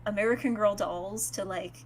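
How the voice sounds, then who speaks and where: A woman's voice: mid-range voice, steady tone, moderate pace, over a noisy crowd. A woman in her twenties hosting a game stream, chatting casually with plenty of filler words. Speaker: streamer host.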